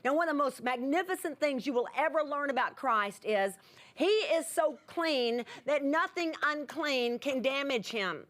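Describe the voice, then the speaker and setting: A woman's voice: sits high, animated, measured pace, a bit bright. A middle-aged woman teaching a Bible passage as a sermon, earnest and emphatic, calling out to her listeners for a response. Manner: earnest, emphatic, calls out to the audience.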